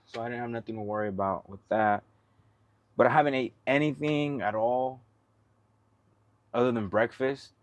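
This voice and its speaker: A man's voice: lowish voice, no echo. A man who drives trucks, chatting casually for his vlog in a laid-back, slangy, rambling way while out at a truck yard.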